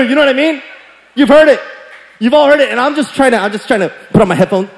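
A high-pitched young male pastor preaches in a church sanctuary, and his voice rings through a long hall reverb. He tells stories playfully and acts out quotes with sudden swings from loud to hushed. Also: animated, fast. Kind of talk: sermon with storytelling.

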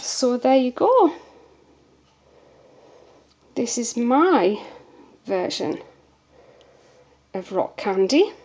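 Slow, breathless woman chatting. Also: fairly high pitch, very animated, darkish tone. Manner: chatty, unhurried, many fillers. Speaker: soap maker. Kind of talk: casual demonstration vlog.

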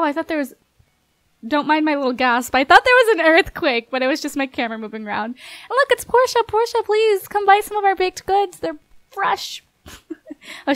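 A woman's voice: high voice, dry recording. A woman giving chatty, bubbly commentary on her life-sim game, laughing often and talking to the characters on screen. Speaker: gameplay commentator.

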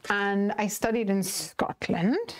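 Northern irish woman, soft accent, chatting through a live card making stream, reads out viewer comments as she goes. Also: medium pitch, takes it slowly. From Northern Ireland. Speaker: live stream craft host. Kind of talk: casual chat while demonstrating card making.

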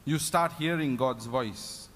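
A man's voice: mid-range voice, slow pace, fairly bright tone. A man preaching a sermon at a prayer meeting, fervent and given to repeated hallelujahs. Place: prayer meeting in a reverberant hall. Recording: long hall reverb.

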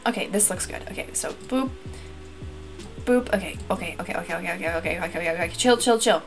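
Young woman gamer, Wisconsin accent, panicky and chatty under a timer, faint music bed. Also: medium pitch. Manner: flustered, chatty, lots of fillers and repeated exclamations. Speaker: gaming YouTuber. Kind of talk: frantic timed building commentary. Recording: light background music.

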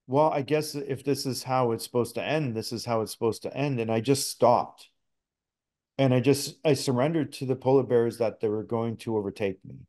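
A man's voice: mid-range voice, a little mellow. A middle-aged man from Canada, a podcast guest telling a personal story in a casual, earnest way with frequent restarts. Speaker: podcast guest, spirit talker.

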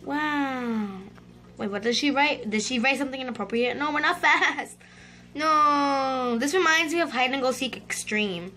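Bright high voice woman yelling at her game, slow talker, lots of dramatic no no no. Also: a little hiss or hum. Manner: excitable, dramatic outbursts. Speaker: gaming YouTuber. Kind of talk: gameplay commentary.

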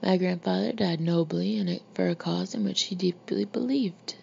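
Prim polite old southern lady, read by a woman, gravelly dark voice, faint hiss. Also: lowish voice, normal speed. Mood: genteel. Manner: prim, courteous. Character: tiny elegant old Southern lady, genteel and dry-witted. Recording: muffled lo-fi recording with faint hiss.

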